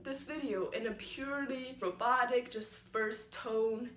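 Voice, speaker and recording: A woman's voice: on the high side, measured pace, a bit bright. A young woman vlogging casually, explaining in a playful, rambling, self-mocking way. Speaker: YouTuber. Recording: echoey room.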